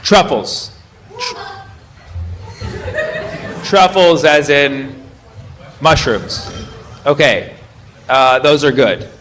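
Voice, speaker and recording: A male stand-up comedian working the crowd with animated, teasing banter on a club stage. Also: a little high, drawn-out words, long pauses. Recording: live stage recording with crowd noise. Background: audience laughter.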